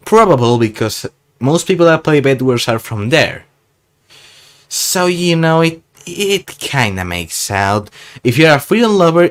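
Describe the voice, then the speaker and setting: Over gameplay, a gaming YouTuber gives casual, sarcastic voice-over commentary, rambling and closing many sentences with a quick "okay?". His voice is medium in pitch.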